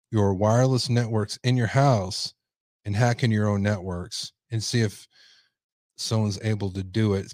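A man hosts a livestream, reacting and reading viewer comments in a loose, rambling way. His voice is on the low side. The sound is dry and close. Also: a little mellow, dry recording. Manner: casual, rambling, reads chat aloud. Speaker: host.

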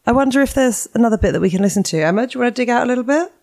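A woman co-hosts a podcast with teasing, playful warmth of banter and plenty of questions. Her voice sits mid-range but moves lively up and down. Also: fairly high pitch, racing. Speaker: podcast co-host. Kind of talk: casual chat.

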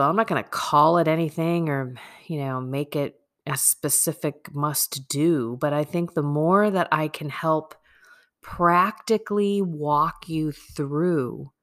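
Woman, podcast host, stuffy nasal phlegmy voice, unhurried pace, casual rambling talk. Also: low voice. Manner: chatty, rambling, self-deprecating. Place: home room.

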